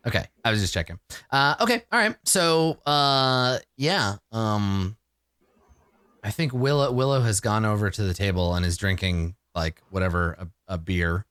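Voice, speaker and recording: A man narrating as game master of a tabletop game, in a loose, quick manner with fillers. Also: on the low side, a bit bright, clean tone, no room sound, studio quality.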